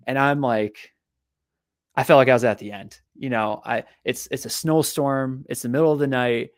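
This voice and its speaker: A man, a physical therapist and author, telling a long personal story in a podcast interview, animated and often repeating his words. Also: mid-range voice, moderate pace, no room sound, studio quality.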